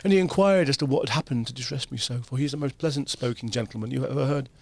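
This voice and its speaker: A man voicing a gentle, grieving poor father in a comic storybook reading. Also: medium pitch, rapid-fire, vocal fry, breathy edge, dry recording. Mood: sorrowful.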